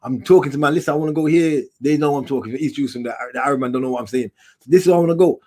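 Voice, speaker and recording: A man's voice: on the high side, racing. A middle-aged man, guest in an interview, telling his stories in casual street slang. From England. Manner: street slang, animated storyteller. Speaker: documentary filmmaker, guest.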